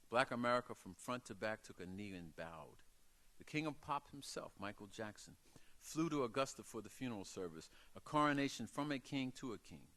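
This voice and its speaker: A man, an author, reading aloud from his memoir with expressive, dramatic storytelling. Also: mid-range voice.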